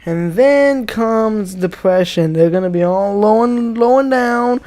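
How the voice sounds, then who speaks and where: An unhurried young man with a high, slightly mellow voice gives a comedic rant as a YouTuber, swearing constantly and dripping with sarcasm.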